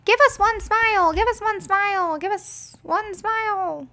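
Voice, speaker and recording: A woman's voice: extremely high pitch, a little slow, sharp tone, pitched above the performer's own voice, full character voice. A woman mimicking a group of catcalling men on the street, in a mocking, sing-song way.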